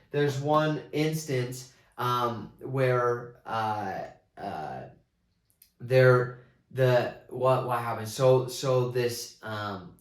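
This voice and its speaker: A man giving a casual movie review, rambling with many restarts and excited retellings. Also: medium pitch, roomy sound.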